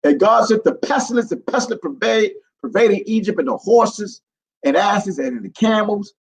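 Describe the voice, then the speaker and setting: A man's voice: sits high, lively intonation, moderate pace, creaky, rough recording. A man reads scripture aloud, stumbling over words and breaking off into profane, incredulous commentary.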